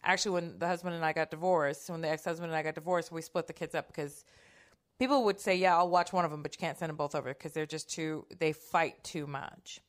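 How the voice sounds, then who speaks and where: A woman's voice: low-pitched, fast talker. A middle-aged woman telling a personal story in a casual, candid way, swearing freely and acting out quoted lines.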